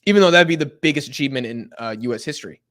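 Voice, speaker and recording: A man's voice: mid-range voice, very fast. A young American man casually chatting on a live soccer watch-along stream, reading out viewer messages in a loose, slangy way. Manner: animated, slangy, reading chat aloud.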